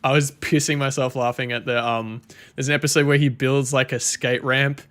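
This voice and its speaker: A man's voice: medium pitch, little pitch movement, moderate pace, fairly bright tone. A man chatting casually on a live stream, rambling and swearing freely.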